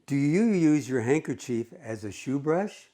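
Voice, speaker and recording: A male teacher reading the lines of a cheeky, sarcastic old woman on a park bench, raising his pitch a little for her. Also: animated, a little slow, dark tone, lightly acted. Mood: teasing. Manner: sarcastic, teasing.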